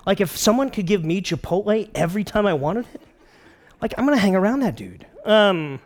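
Male pastor, middle-aged, relaxed joking sermon, voice sits a bit high. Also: brisk. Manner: casual, joking, retells scripture with playful character voices.

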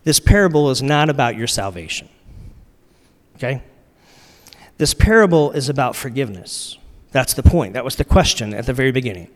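A man preaching a sermon in a relaxed, conversational way, using slang and repeating his key lines for emphasis. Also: mid-range voice, fairly quick. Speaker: pastor. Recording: long reverb of a large hall.

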